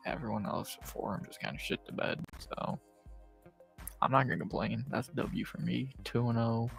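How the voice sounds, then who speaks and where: A man hosting a live stream, recapping his fantasy football league in a low, laid-back monotone with plenty of profanity. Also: gravelly. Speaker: stream host. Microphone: streaming setup, close mic.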